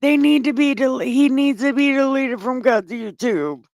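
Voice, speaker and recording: Slow, sarcastic woman reading scripture. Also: high-pitched, creaky, darkish tone, dry recording. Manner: irreverent, sarcastic and profane. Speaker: online Bible reader and commentator. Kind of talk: casual scripture reading with commentary.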